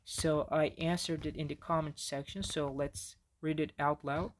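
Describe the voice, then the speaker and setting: A man's voice: fairly high pitch, level tone, moderate pace, a little hiss or hum. A man with a Turkish accent, a native Turkish speaker, giving a casual recorded lesson with frequent fillers and restarts. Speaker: language teacher. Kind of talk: recorded lecture on pronunciation.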